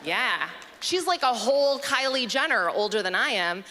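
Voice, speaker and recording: A woman performing a stand-up comedy set on a festival stage, dry and quick-witted, on a handheld mic. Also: on the high side, lively intonation, bright, forceful tone, some chatter behind, slight background noise.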